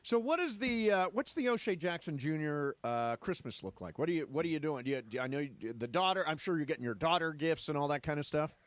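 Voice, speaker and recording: A man's voice: a little high, lively intonation, fast talker, hardly any pauses, no room sound. A male sports radio co-host with an upbeat, playful, teasing way of talking.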